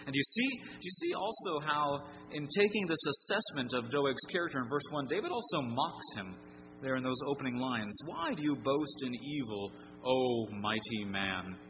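A man preaching a sermon, earnest and emphatic, often asking his listeners rhetorical questions. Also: mid-range voice. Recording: long reverb with faint hum.

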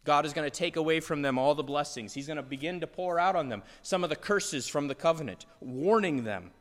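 A male preacher delivers a passionate sermon in a fairly high voice, building into exasperated outbursts. His words carry a long hall reverb, as in a church sanctuary. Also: a little fast, a bit bright. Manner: impassioned, rising to exasperated outbursts. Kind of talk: expository sermon.

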